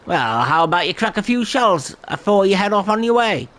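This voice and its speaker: A man voicing a gruff male airship worker in a game, with a rough working-class English accent and a grumbling, colloquial manner. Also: sits high, sing-song, normal speed, fairly bright tone, pitched above the performer's own voice. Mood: exasperated.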